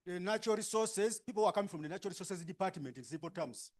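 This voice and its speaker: High-voiced Ugandan man directing a workshop. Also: expressive, slightly rough. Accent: Ugandan English. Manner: brisk, instructing, frequent tag questions. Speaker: workshop facilitator. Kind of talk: directing participants into groups.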